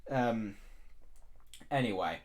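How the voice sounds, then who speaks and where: A man's voice: fairly low pitch, animated, slow pace. A man co-hosting a casual podcast, chatting in an easygoing way. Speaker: podcast co-host. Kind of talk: casual chat.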